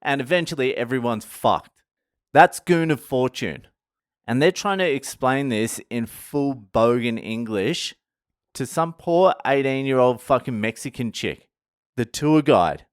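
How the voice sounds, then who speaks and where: An Australian man tells a story in a loose, profanity-laden vlog rant, often laughing at himself. His voice is smooth and resonant at a middling pitch. The recording is close and dry, with almost no room sound. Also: unhurried, dry recording. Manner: sweary, animated, laughing at himself. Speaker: vlogger. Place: indoors, at home.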